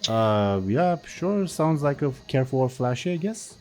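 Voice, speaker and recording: A man narrating a tabletop game as game master, explaining rules step by step in a measured way. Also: medium pitch, big pitch swings, a little mellow.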